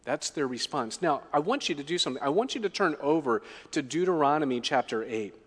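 A man's voice: on the high side, lively intonation, fairly quick, big-room sound. A male pastor preaching a sermon in a conversational style, often tagging his points with "right?" and acting out the quoted lines with dramatic swings.

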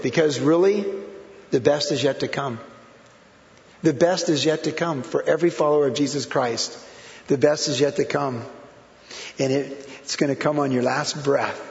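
A pastor in his forties preaching a sermon, animated, acting out quotes with whoops and laughter. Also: on the high side, vocal fry. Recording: echoey hall, dull lo-fi sound.

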